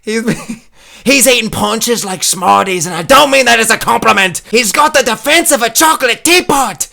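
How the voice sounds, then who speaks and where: A man impersonating an excitable male fight commentator, yelling every line high and strained. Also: moderate pace, creaky, exaggerated voice. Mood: shrieking excited.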